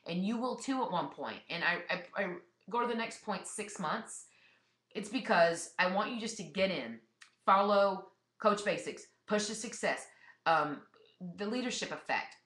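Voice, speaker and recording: Woman coach, emphatic motivational speaker, bright forceful voice, recorded in an echoey room. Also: medium pitch, animated, measured pace. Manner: blunt, emphatic pep talk. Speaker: fitness business coach. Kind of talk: motivational webinar talk.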